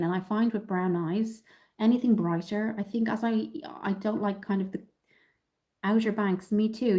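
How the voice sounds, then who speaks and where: A Dublin woman with an Irish accent hosts a makeup livestream, chatting through the tutorial and reading out and replying to viewer comments, with many ums. Her mid-range voice has a dark tone and a slight nasality from a cold coming on. The recording is low quality.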